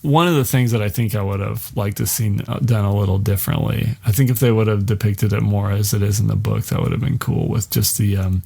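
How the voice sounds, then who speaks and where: Recapping a miniseries on his podcast, a man rambles loosely, swearing freely and leaning heavily on "like" and other fillers. His fairly low voice is animated, fairly quick, mellow, and husky, with vocal fry and few pauses.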